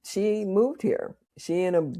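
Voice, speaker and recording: A woman's voice: mid-range voice, slow. A woman in her sixties, a minister from Boston, telling stories as an interview guest and acting out the dialogue. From Boston, USA. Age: 60s. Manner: lively storyteller who acts out dialogue.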